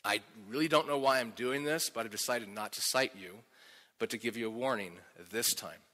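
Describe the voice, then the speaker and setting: Man putting on a gruff low-voiced police officer, quiet, matter-of-fact, reverberant hall. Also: a little fast, close to an everyday voice. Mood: dry, stern. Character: stern, weary male police officer.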